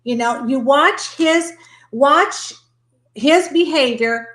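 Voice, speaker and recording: A woman's voice: sits high, slow pace, a bit bright. A woman guest explaining behavioral cues methodically in a panel discussion. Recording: echoey room.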